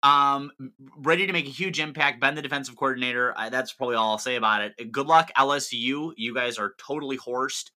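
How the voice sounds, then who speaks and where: A man's voice: medium pitch, fairly quick, hardly any pauses, bright, forceful tone. A man co-hosting a sports podcast, ranting in an impassioned, wordy way. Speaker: podcast co-host. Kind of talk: casual sports podcast chat.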